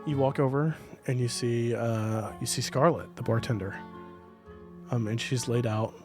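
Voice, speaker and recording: A man's voice: mid-range voice, steady tone, normal speed, over music. A man narrating a tabletop game as game master, in a loose, hesitant style.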